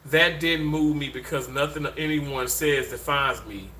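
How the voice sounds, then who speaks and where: Guy in his 30s doing a chill livestream, reading chat, emotional and animated, bit high voice, sharp bright tone, echoey room w faint hum. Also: a little slow. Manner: animated, emotional, swings from low and earnest to high and excited. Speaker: livestream host. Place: indoor room with a bed. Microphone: handheld mics.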